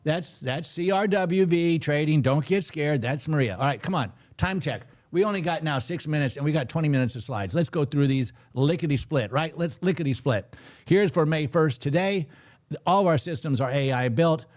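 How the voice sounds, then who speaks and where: A man's voice: on the high side, normal speed, darkish tone. A middle-aged man hosting a casual live trading stream, chatty and jokey, reading viewer comments aloud. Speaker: trading show host.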